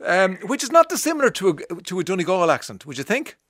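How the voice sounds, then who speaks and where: Irish male radio host, studio mic, a touch high-pitched, teasing, talky, stammers through restarts. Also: very animated, fast, fairly bright tone, no echo. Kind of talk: casual radio chat. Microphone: studio microphone.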